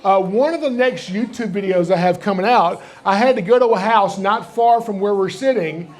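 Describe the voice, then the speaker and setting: High-voiced joking Southern man. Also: normal speed. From Georgia, USA. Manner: joking, folksy, animated storyteller. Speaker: reptile rescuer giving a library program. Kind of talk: live storytelling talk to an audience. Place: library program room with live audience.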